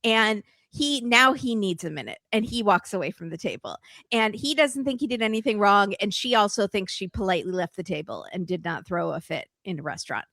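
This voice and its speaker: A woman's voice: medium pitch, gravelly, a bit bright, no echo. Woman podcast host, sarcastic casual chatter, mid-range voice, dry close sound. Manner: chatty, sarcastic, quick asides. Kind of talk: casual chat recapping a reality show.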